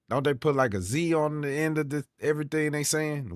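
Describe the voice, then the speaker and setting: A man's voice: on the high side, a little fast, few pauses, dry recording, studio quality. A man reading all the characters of a courtroom game aloud in his own voice, with playful asides and casual commentary. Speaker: gaming YouTuber.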